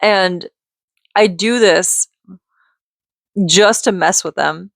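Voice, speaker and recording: A woman vlogging in a casual, rambling way, chatty and quick to giggle as she drifts off on tangents. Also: lowish voice, vocal fry, dry recording, studio quality. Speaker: vlogger and mother.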